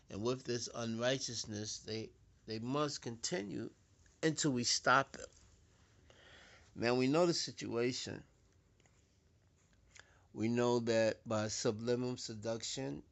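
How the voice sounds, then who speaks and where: A man giving a preaching-style lecture, deliberate and repetitive, swelling louder to stress his points. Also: medium pitch. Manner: deliberate, repeats words, swells louder for emphasis. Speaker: speaker giving a talk.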